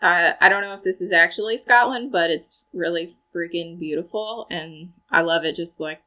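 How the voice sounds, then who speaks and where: A woman co-hosting a casual podcast, retelling a film's plot in a chatty, animated way with side comments. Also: on the low side, normal speed, muffled recording. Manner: chatty, animated storytelling with asides. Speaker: podcast co-host recapping a film. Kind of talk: casual chat.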